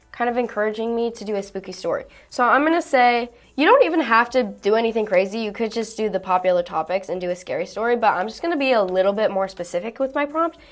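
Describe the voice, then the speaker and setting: A woman YouTuber talking through a software demo in a casual, chatty and bubbly tutorial style that wanders off on tangents. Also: a little high.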